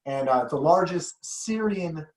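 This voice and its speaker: Male podcast host, easygoing rambler, slightly high voice. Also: expressive, slow, darkish tone. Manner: rambling storyteller, laughs often. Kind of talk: casual podcast chat. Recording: echoey room.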